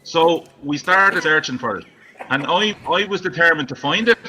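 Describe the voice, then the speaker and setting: A man's voice: fairly high pitch, expressive, moderate pace, pushed and bright, a little hiss or hum, low-quality recording. A man with an Irish accent, a musician guest, telling a teasing, good-humoured story in casual chat.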